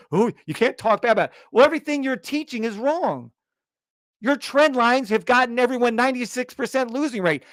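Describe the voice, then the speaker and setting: A man's voice: high-pitched, a bit bright, no echo. A man giving an insistent, fired-up sales rant on a live stream, repeating himself and swearing. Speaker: trading course seller.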